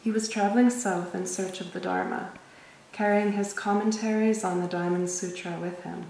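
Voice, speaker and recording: A woman in a group reading a story aloud in a calm, measured way. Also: medium pitch, creaky, slight background noise. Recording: very echoey room, mic far off.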